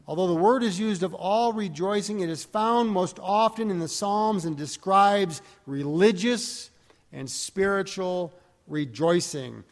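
A man's voice: high voice, measured pace. A man giving a sermon, reading scripture aloud with rising emphasis and correcting himself as he goes. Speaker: pastor. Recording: reverberant hall.

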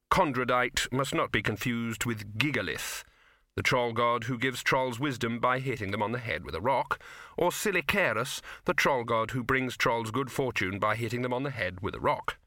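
A man's voice: mid-range voice, pushed and bright, no echo. A man narrating a comic fantasy audiobook in a dry storytelling manner. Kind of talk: scripted narration.

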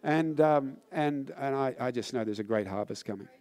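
A tired man preaching a sermon, telling a personal story with rising fervor and then turning low and solemn. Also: normal speed, darkish tone. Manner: earnest, builds in intensity then drops low and solemn.

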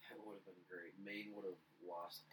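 A young man with a fairly low voice chats as a podcast co-host in a blunt, casual way, swearing freely. Faint noise sits behind him. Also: flat delivery, moderate pace, a bit bright, rough recording. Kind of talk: casual chat.

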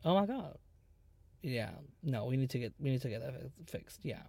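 A man in his twenties hosting a podcast, chatting casually in an animated, dramatic way with plenty of swearing. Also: mid-range voice, moderate pace, vocal fry, no room sound. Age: 20s. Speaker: podcast host. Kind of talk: casual chat.

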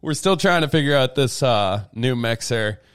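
A man with a smooth, medium-pitched voice talks at a moderate pace, co-hosting a casual podcast from a home desk mic. He rambles through stories and gets animated when he mimics the people he quotes.

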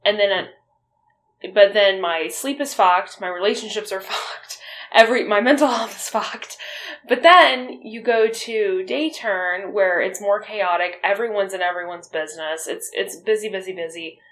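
A woman's voice: mid-range voice, normal speed, a bit bright. A woman co-hosting a podcast in casual chat, talking candidly and bluntly and swearing freely. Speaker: podcast co-host.

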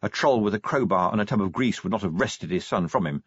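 A low, husky male voice narrates an audiobook with wry drama, his pitch rising and falling in lively curves. The recording is dry and close, with a slightly dull, muffled top end. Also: fast talker, hardly any pauses, no echo. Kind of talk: scripted narration.

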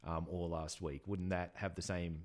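A man from Australia with a very low voice chats on a book podcast. He runs a bookshop and probes his co-host with questions, pausing on fillers. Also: level tone, darkish tone. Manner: questioning, debating, hesitant with fillers. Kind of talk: casual chat.

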